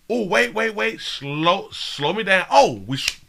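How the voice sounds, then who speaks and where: A man hosting a live stream, reading chat shout-outs in an excitable, slangy way with frequent laughs and repeated catchphrases. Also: fairly high pitch, moderate pace. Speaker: livestream show host.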